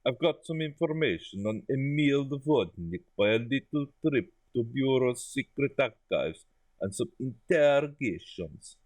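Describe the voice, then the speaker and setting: A man's voice: mid-range voice, animated, measured pace, darkish tone, no echo, close to an everyday voice. A man reading a game letter aloud as a fussing, doting woman, in a hammy, exaggerated Eastern European accent. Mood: fond, fussing.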